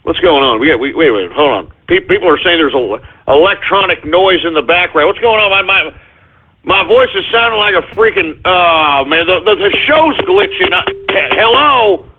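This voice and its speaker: A man's voice: high voice, animated, moderate pace, slightly rough. Agitated man ranting over a tinny phone line. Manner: agitated, swearing, rambling with many fillers. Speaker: radio show host. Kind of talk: live call-in radio rant.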